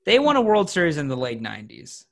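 A young man with a fairly high, fairly bright voice whose pitch swoops wildly co-hosts a sports podcast. He chats casually and rambles, firing off teasing jokes at his co-hosts.

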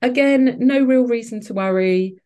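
A woman's voice: fairly high pitch, normal speed, mellow. Candid woman telling her story. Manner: open, emotional, many restarts and fillers. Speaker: podcast guest.

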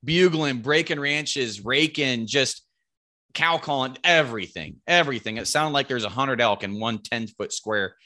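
A man telling a hunting story in casual chat, animated and swearing freely. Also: medium pitch, normal speed.

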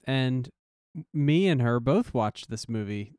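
Earnest man with a smooth voice. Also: medium pitch, expressive, a little slow, a little mellow, dry recording, clean studio sound. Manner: earnest, rambling with fillers. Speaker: podcast co-host. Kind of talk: casual podcast chat.

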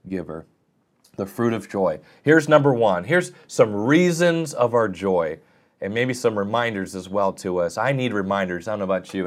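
A man preaching a sermon in an earnest, self-deprecating way, often lifting his voice to stress a point. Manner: earnest, self-deprecating, rises and falls in pitch for emphasis.

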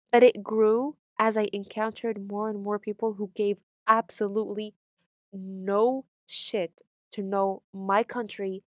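A young woman from Morocco, speaking candidly in an interview, animated and sardonic, laughing often as she talks. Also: medium pitch, no echo.

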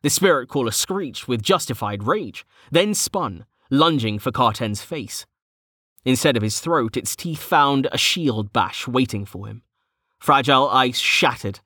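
A man's voice: medium pitch, no echo. Man narrating a fantasy audiobook, dry sound. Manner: steady, measured storytelling.

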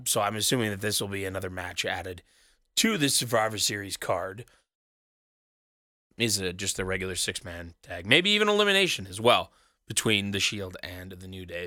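Guy doing a wrestling recap alone, snarky and rambly, kinda bright tense voice, super dry close sound. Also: medium pitch, no room sound. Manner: sarcastic, rambling, swears casually. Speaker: wrestling podcast host. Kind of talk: solo recap chat. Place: small studio booth alone.

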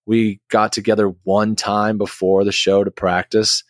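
A man's voice: lowish voice, level tone, a little slow, no room sound, studio quality. A man who is a guest musician, telling a long story in a casual interview, rambling with many restarts and fillers.

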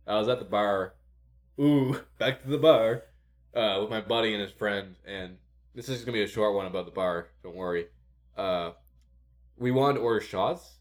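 Laughing, rambling male podcast host. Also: lowish voice. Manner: rambling storyteller who laughs often. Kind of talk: casual chat.

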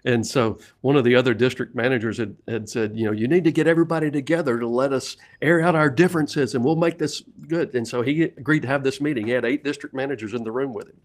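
A man's voice: mid-range voice, quick pace, hardly any pauses. A middle-aged man with a Southern US accent, a sales coach telling stories in a casual interview, laughing often. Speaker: sales leadership coach and guest.

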